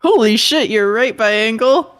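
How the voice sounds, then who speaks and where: Slow-talking streamer with dry remarks. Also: mid-range voice, a bit bright. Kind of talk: casual chat.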